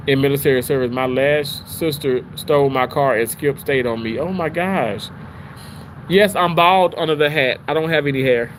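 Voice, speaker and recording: A man hosting a casual livestream, chatting with viewers in an animated, rambling way, full of restarts. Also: a little hiss or hum, low-quality recording. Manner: animated, rambling, with frequent restarts and pitch jumps. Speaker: livestream host reading chat.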